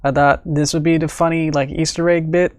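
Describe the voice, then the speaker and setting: A man's voice: on the high side, flat delivery, brisk, no echo, studio quality. Giggly, rambling man on a stream. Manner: rambling, giggly, many fillers. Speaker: animator streaming his work. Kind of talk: casual livestream chat.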